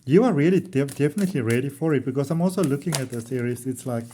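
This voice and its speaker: A warm, mellow-voiced man, reading tarot for his viewers. He talks in a chatty, wandering way, affectionate and quick to chuckle, with his pitch sitting right in the middle for a man. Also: lively intonation, slight background noise. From South Africa. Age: early 40s. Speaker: tarot reader. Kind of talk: casual tarot reading vlog.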